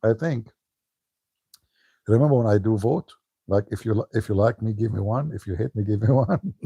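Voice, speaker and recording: A man's voice: on the low side, normal speed, dark tone, slightly rough, no echo. A man giving a casual livestream talk as an online commentator, joking and laughing often.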